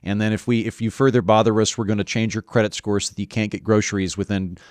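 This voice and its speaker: A man hosting a podcast interview who talks in a chatty, animated, opinionated way. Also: fairly low pitch, fast, no room sound, studio quality. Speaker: podcast host. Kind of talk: conversational interview.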